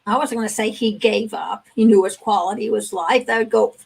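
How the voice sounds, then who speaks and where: A woman's voice: medium pitch, fairly even intonation, a little fast, vocal fry, darkish tone, breathy edge, rough recording. An older woman, a grandmother, speaks as a guest on a talk radio show, telling stories earnestly and acting out the conversations in them. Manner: earnest storytelling, acts out dialogue.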